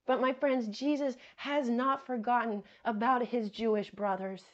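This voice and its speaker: A woman's voice: fairly high pitch, fairly even intonation, unhurried, lo-fi sound. A woman preaching a sermon, reading scripture aloud and explaining it earnestly, repeating key phrases and addressing her listeners as friends.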